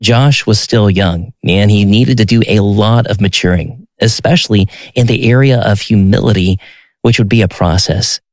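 A man doing scripted narration in a measured, steady way. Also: fairly low pitch, no echo.

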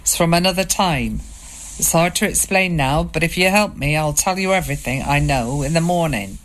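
Steady older gamekeeper guy, woman reading him, low voice, brisk and calm. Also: close to an everyday voice. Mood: reassuring.

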